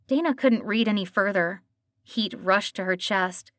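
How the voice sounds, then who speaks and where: A woman narrates a cozy mystery audiobook in an even, storytelling manner, reading a script at a measured pace with medium pitch. The recording is studio quality with no room sound.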